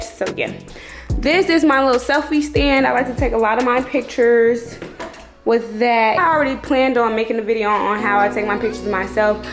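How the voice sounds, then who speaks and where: A chatty young woman with a fairly high voice, swearing freely and calling her viewers y'all as she gives a casual tour of her salon suite. The room is open and echoey, and music plays clearly behind her. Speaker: salon owner vlogger. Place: open loft-style salon suite with no ceiling.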